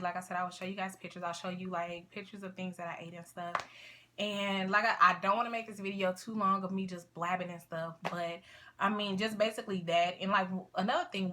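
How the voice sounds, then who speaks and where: A woman's voice: mid-range voice, a little fast, sharp tone, slight background noise. A young woman vlogging casually to camera, chatty and rambling, with a sniffle. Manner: chatty, rambling, lots of fillers and asides.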